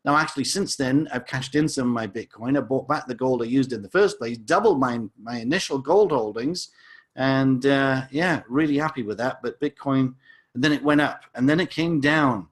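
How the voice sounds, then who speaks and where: Speaking at a normal speed in a mid-range voice, a man walks through a crypto lesson on a chart. He's a crypto educator whose pitch is eager and sales-driven, full of repeated words and side remarks.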